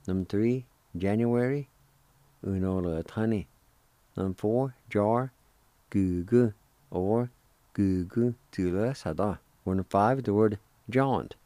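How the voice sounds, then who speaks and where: A man hosting a radio language lesson, spelling words letter by letter and repeating each pronunciation slowly. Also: lowish voice, mellow, dry recording. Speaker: radio host teaching Cherokee words.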